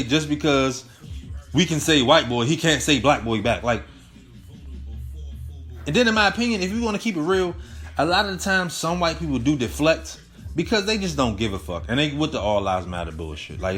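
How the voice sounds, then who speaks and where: A man's voice: medium pitch, a bit bright. Heated young man ranting over faint music. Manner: heated, profane, rambling rant with slang. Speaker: host. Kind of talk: casual solo commentary.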